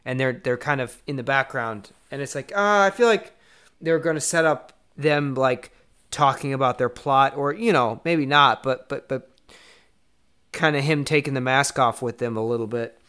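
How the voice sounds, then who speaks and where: A man talking casually about a film, relaxed and a little hesitant. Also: mid-range voice, moderate pace, clean tone. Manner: relaxed, hesitant, restarts phrases.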